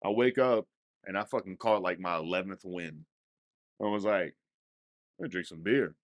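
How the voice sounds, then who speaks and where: A man's voice: deep voice, normal speed, no echo, studio quality. A young man telling a rowdy, profane story in casual podcast chat, often laughing. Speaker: storyteller guest.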